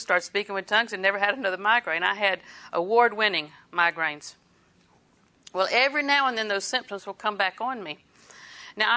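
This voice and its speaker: Bright-voiced woman preaching. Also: mid-range voice. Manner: conversational preaching with chuckles and quoted asides. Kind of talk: sermon.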